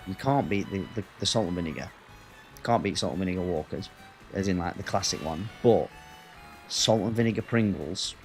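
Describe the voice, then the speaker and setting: Low-voiced English bloke chatting on stream. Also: male voice. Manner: chatty, rambling, answers chat. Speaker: gaming streamer. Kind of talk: casual livestream chat.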